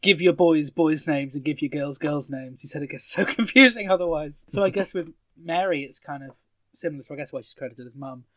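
A man's voice: fairly high pitch, brisk, a bit bright, no room sound. A man chatting casually on a podcast, rambling in a self-deprecating way and chuckling between thoughts. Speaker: podcast co-host.

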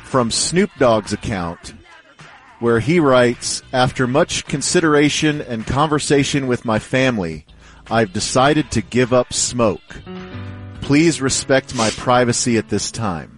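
A man on a talk radio show, running through breaking news headlines in a newsy cadence. His voice sits at a middle pitch. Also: animated, measured pace, faint music behind.

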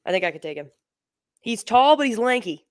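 A woman's voice: a little high, big pitch swings, brisk, dry recording, clean studio sound. A woman co-hosting a sports podcast, chatting casually and joking, with lots of ums and restarts. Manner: joking, rambling, frequent ums. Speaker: podcast co-host. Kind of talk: casual chat.

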